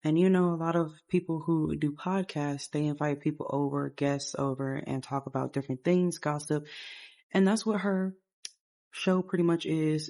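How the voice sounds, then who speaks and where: Brief: rambling casual game narrator, woman, lowish warm voice. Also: vocal fry. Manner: rambling, storytelling.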